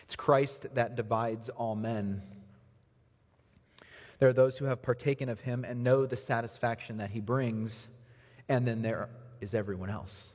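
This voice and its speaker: A man pastor preaching a sermon in a church, earnest, moving from soft low passages to lifted emphasis. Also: steady tone, a little slow, pauses often. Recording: reverberant hall.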